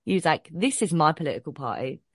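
A woman, co-hosting a podcast and telling an animated story full of swearing and acted-out quotes. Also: deep voice, fast talker, no room sound, studio quality. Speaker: podcast co-host. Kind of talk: casual storytelling chat.

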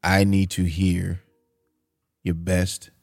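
A male podcast host talking in a relaxed, easygoing way and addressing his listeners directly. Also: deep voice, slow pace, creaky, no echo, studio quality, soft background music. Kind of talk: casual podcast chat.

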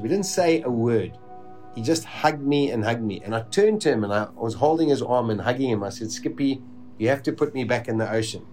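A man telling a dramatic survival story in a vivid, animated way, with dark humor and chuckles, acting out his own inner voice. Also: mid-range voice.

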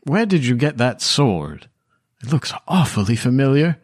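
A man's voice: medium pitch, sing-song, moderate pace, a little mellow, no echo, studio quality, voice pushed up. A man voicing a wealthy seventy-year-old widow who is guarded but polite, stumbling over her words as she talks. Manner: hesitant, restarts mid-sentence.

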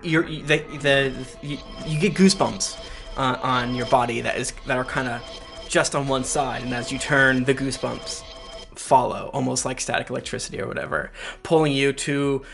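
A man narrating a tabletop game as game master, improvising with many halting restarts. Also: mid-range voice, vocal fry, fairly bright tone, soft background music.

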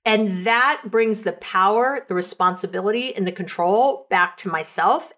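Woman coach and podcast host; chatty, animated storyteller, mid-range pitch. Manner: chatty, animated retelling of client stories; lots of "like" and "you know" fillers. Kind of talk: casual advice podcast.

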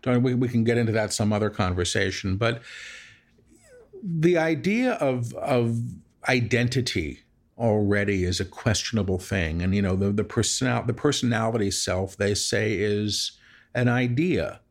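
Male guest, deep and gravelly, thinks aloud in a loose conversational way. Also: normal speed. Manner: reflective, rambling, with restarts. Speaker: guest, spiritual medium. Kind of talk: casual conversation. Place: apartment.

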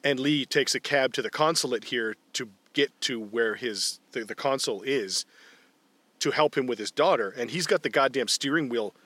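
A man in casual movie commentary chat, retelling scenes in a profane, animated way. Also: medium pitch, moderate pace, no echo. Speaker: podcast co-host.

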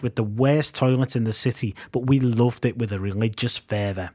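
Guy in his 30s reading his band stories, wry and self-deprecating, medium pitched voice. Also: normal speed, warm tone. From Liverpool, England. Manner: wry, self-mocking storytelling. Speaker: podcast host and narrator. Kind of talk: scripted memoir narration.

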